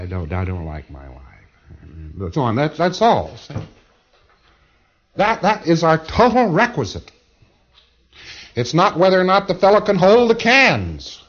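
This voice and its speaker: A man's voice: high voice, fairly bright tone, highs cut off. A man giving a lecture to a class of trainees, emphatic and rambling, often repeating words and restarting. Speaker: lecturer to auditors. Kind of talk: recorded lecture.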